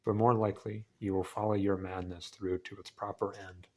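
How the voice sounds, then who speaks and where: A man reading aloud as a calm, solemn male alien forest leader, slow and measured. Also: lowish voice, a little hiss or hum, lightly acted.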